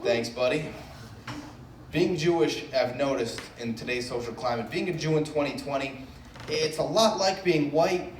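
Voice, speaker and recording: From Brookline, Massachusetts, this comedian riffs loosely with a club audience, poking fun at himself. A faraway mic picks up his middle-pitched voice at an ordinary pace, with echo, slight background noise and a faint ambient buzz from the crowd.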